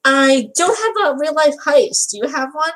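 Woman co-host, high voice, very lively, eager reactions. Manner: eager, reactive, quick exclamations. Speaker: podcast co-host. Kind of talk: casual chat.

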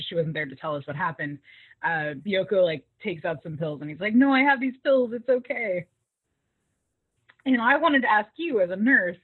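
A woman with a husky, medium-pitched voice co-hosts a casual podcast recapping a TV episode. She is talkative, laughs often, and acts out quoted lines, and the audio has a tinny, phone-like sound.

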